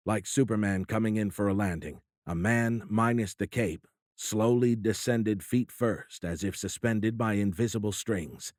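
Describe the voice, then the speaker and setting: Middle-aged male audiobook narrator, low and steady, dry studio read. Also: no room sound. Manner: steady, even storytelling. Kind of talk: scripted narration.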